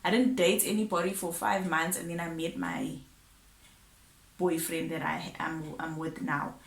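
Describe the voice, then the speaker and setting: A woman's voice: fairly low pitch, flat delivery, measured pace, vocal fry. A woman chattily retelling a dramatic personal story, often correcting herself. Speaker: vlogger. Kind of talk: casual storytime. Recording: roomy echo.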